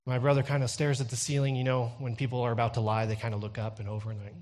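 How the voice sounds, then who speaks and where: A young man preaching a sermon, telling a personal story with a light touch and building to loud, intense emphasis. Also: medium pitch, steady tone, very fast, few pauses.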